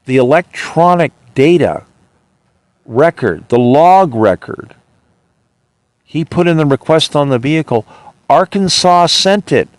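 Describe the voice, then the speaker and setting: A man's voice: fairly high pitch, lively intonation, unhurried, no room sound. Indignant man ranting on his podcast. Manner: indignant, ranting, retells arguments. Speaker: podcast host. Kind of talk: monologue.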